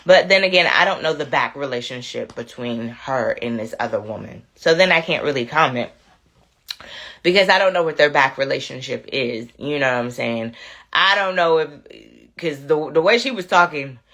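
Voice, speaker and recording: Low-voiced woman chatting with her viewers. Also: moderate pace, fairly bright tone. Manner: chatty, talks straight to viewers with "y'all" and "you know what I'm saying". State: has a cold. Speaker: livestream host. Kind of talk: casual livestream chat, reading a viewer's story.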